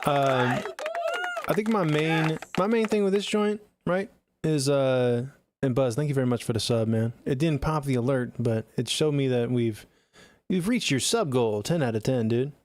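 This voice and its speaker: A man's voice: mid-range voice, normal speed, darkish tone, dry recording. A man streaming music feedback from a home studio closet, talking in a laid-back, rambling and profane way. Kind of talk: casual live-stream chat.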